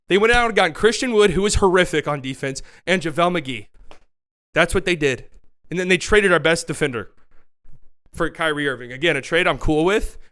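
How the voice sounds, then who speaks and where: A man's voice: a little high, a bit bright, clean tone. A man hosting a solo sports commentary video, talking in a casual, emphatic, exasperated way with lots of swearing and restarts.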